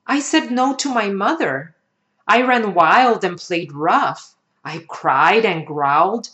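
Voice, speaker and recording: A woman voicing a young boy who worries that nobody loves him, in a high pleading childlike voice. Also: animated, slow, a bit bright, muffled recording. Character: young boy, anxious and wanting to be loved.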